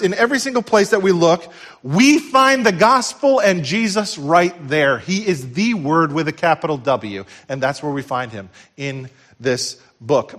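A middle-aged man preaching a sermon as pastor, swinging from loud emphatic peaks to hushed, tender lows.

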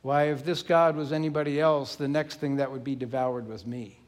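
A male pastor preaching a sermon, emphatic and animated, acting out the story as he goes. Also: medium pitch, moderate pace.

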